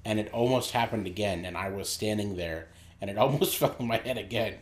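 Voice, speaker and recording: A man's voice: lowish voice, a little fast. A man co-hosting a podcast in casual, joking chat. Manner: joking, teasing. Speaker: podcast co-host.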